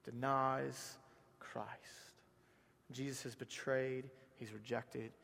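A man from South Georgia with a Southern accent, preaching a sermon as a pastor. He swings from hushed lines to loud, rising ones and repeats words for emphasis. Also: medium pitch, flat delivery, takes it slowly, gravelly, in a large hall.

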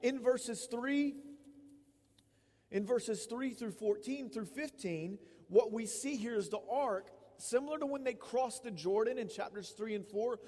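A man in his thirties preaching an expository sermon in a conversational, emphatic way, often tossing in quick "right?" asides. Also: very high voice, a little mellow. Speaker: pastor. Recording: long reverb of a large hall.

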